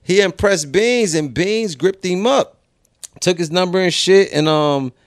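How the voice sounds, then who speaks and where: A man's voice: sits high, unhurried, clean tone, no room sound, clean studio sound. A man from Philadelphia with a Philly accent, a podcast guest telling laid-back stories, swearing freely and acting out his friends. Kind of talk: casual storytelling.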